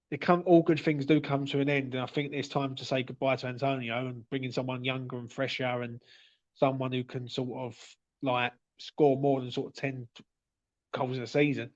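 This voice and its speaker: A man's voice: medium pitch, muffled recording. A man hosting a fan livestream, chatting casually and stumbling over his words, often tossing in "yeah?" and "mate". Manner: chatty, stuttery, tag questions like "yeah?" and "mate". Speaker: fan channel host reading viewer comments.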